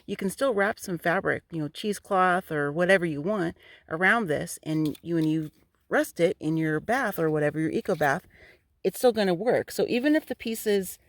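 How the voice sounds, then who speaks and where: A woman vlogging outdoors in bright sun on a phone she holds in one hand, gushing with excitement as she talks her viewers through it. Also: lowish voice, moderate pace, no echo. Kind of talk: casual vlog while digging outdoors. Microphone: phone held in one hand.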